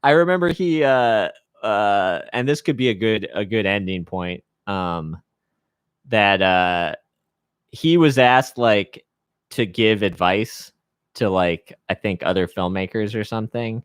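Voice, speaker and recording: A man's voice: lowish voice, measured pace, clean tone, dry recording, studio quality. A man talking casually with a friend, rambling and self-deprecating, laughing often and peppering his talk with "like". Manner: filler-heavy, many "like"s and restarts. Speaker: podcast host. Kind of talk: casual chat between friends.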